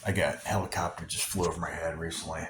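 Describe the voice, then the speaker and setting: A man's voice: low-pitched, level tone, quick pace, a bit bright. A man vlogging in an angry, unscripted rant, heated and profane, rambling with many restarts and sometimes dropping to a near whisper. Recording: roomy echo, faint background noise.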